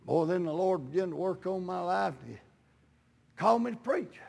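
An older man preaching a testimony sermon in folksy storytelling, sprinkling in amens and building to shouts. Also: sits high, expressive, normal speed, gravelly, in a large hall. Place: church sanctuary.

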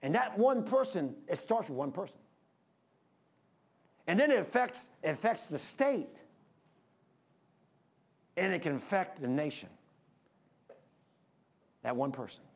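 An older man preaching a sermon to his congregation, impassioned, rising to urgent peaks and dropping low. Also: big pitch swings, a little slow, long pauses. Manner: impassioned preaching, rises then drops low. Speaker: pastor.

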